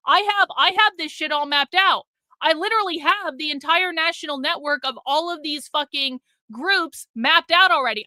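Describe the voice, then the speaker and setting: A woman's voice: high voice, sharp tone, dry recording. A woman hosting a live stream, ranting in a profane, combative way with a sarcastic, mocking edge, stopping to read and thank viewers' super chats.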